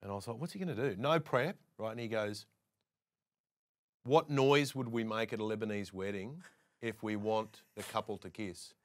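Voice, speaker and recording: Man, australian accent, low voice, animated storyteller, casual chat. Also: moderate pace. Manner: lively storyteller who acts out other people's lines. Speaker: radio and TV presenter, guest. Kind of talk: casual anecdote telling.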